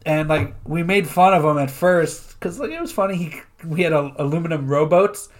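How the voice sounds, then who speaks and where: A man from northeastern Pennsylvania co-hosts a relaxed podcast and tells stories from his younger years. He talks in an easy, offhand way and laughs often. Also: fairly high pitch, moderate pace. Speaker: podcast co-host. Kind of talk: casual chat with anecdotes.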